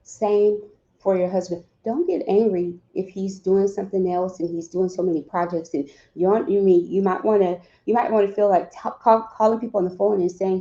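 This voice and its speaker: Woman talking straight to grieving couples, heartfelt, mellow voice, kinda dull lo-fi sound. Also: mid-range voice, steady tone, normal speed. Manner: direct, heartfelt, acts out little dialogues. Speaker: grief counselor speaking to bereaved parents. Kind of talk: earnest advice talk.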